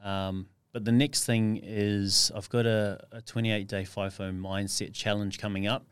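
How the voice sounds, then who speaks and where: A man's voice: fairly low pitch, flat delivery, a little slow, clean tone, no room sound. A young adult man as a podcast guest, rambling as he thinks aloud. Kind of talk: casual interview chat.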